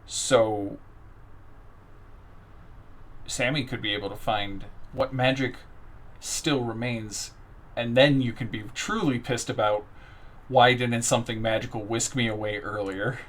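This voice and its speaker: A man's voice: mid-range voice, steady tone, measured pace, long pauses. Casual man running a tabletop game. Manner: casual, joking asides. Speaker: game master.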